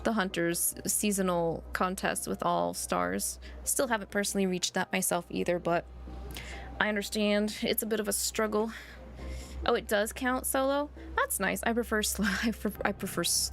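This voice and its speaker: Chatty streamer woman with a gravelly edge. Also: mid-range voice. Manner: chatty, chatting to viewers, with frequent restarts. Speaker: VTuber streamer. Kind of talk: reading a story game aloud with casual commentary.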